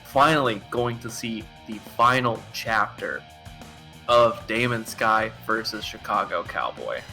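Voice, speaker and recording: Excitable male wrestling play-by-play caller. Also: measured pace, creaky, soft background music. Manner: excitable, laughs often, pitch jumps on big moves. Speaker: play-by-play commentator. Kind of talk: live wrestling commentary.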